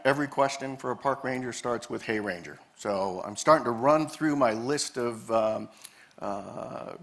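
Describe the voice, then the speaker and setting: Man telling ranger stories to an audience. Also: mid-range voice. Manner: animated storyteller, acts out quoted dialogue. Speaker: former park ranger presenter. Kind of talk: storytelling presentation to a live audience. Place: presentation room with a projector screen.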